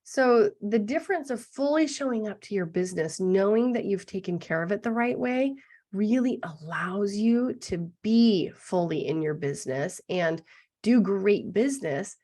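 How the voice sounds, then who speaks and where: A middle-aged woman with a gruff, hoarse voice explaining business legal basics in an online masterclass, often checking in with "right?". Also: mid-range voice, expressive, normal speed, dark tone. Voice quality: gravelly. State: gruff, throat-clearing voice. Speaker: business lawyer presenting a masterclass.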